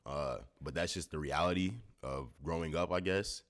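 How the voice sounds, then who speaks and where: Very deep-voiced young man, tired and reflective. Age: young adult. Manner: soft-spoken, unhurried, thoughtful, with many fillers. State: a bit tired, early morning. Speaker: YouTuber. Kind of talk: reflective talking-to-camera vlog.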